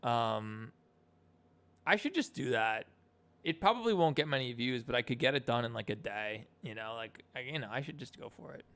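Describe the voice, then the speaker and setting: Young male streamer, gravelly but smooth, rambling chat. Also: mid-range voice, expressive, normal speed, a bit bright. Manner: rambling, filler-heavy. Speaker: animator streamer. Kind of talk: casual live-stream chat.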